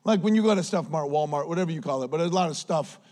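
A man preaching a sermon as pastor, praying and then telling stories in a lively, conversational way. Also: a little high, racing. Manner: animated, conversational preaching with storytelling. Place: church sanctuary.

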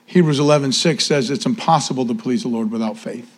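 A man, preaching a sermon and giving church announcements in an animated, casual way. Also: medium pitch, fairly quick, slight background noise. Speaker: pastor.

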